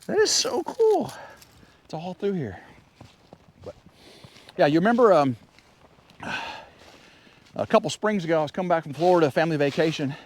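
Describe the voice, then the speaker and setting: Hiking through snowy woods, a vlogger rambles chattily into a handheld camera, a little out of breath. His voice is a little high and a little fast, with frequent pauses. He sounds excitable and wanders between thoughts, and there's a faint hiss or hum.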